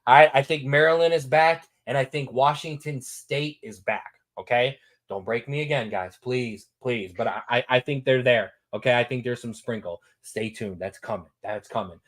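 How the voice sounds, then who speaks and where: A man hosting a sports talk show, giving his betting picks in a lively, repetitive, hyped-up way. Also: medium pitch, normal speed. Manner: animated, repetitive, hypes picks.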